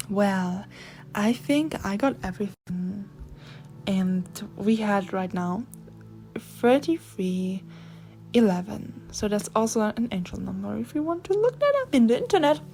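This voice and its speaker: A young woman gives a channeled spiritual reading in a slow, unhurried way. Her voice is mellow and set a little high, and she often sinks into a soft whisper. Faint music plays beneath her. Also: vocal fry. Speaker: intuitive card reader.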